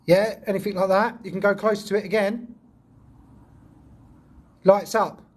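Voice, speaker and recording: Jumpy high-voiced man in an echoey building. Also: fairly even intonation, a little slow. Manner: jumpy, nervous, swears when startled. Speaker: paranormal investigator vlogger. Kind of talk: casual commentary to camera and calling out to spirits. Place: old prison building indoors. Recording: echoey indoor space with faint ambience.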